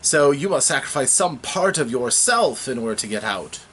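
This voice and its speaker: A man voicing a calm male aspect of the god of magic in a tabletop game recap, speaking in a measured, questioning way. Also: medium pitch, slight background noise.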